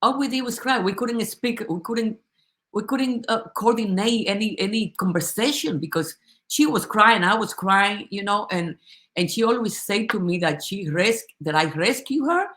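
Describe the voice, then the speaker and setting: A company supporter shares an emotional testimony within a group discussion, frequently starting her sentences over. She speaks at a moderate pace in an expressive, medium-pitched voice with a touch of brightness.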